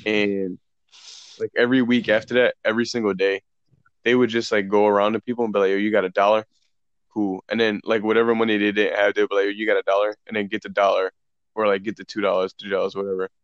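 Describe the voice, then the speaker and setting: In a voice on the low side, a young podcast co-host loosely and profanely recounts a story to friends, animatedly quoting the dialogue. There's no echo; the lo-fi audio is dull and dry.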